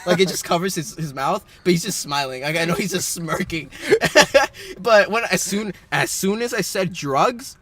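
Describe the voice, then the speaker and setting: A man's voice: high-pitched, animated, moderate pace, a bit bright, dry recording. A young man co-hosting a podcast in casual chat, laughing often and swearing casually. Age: young adult. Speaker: podcast co-host.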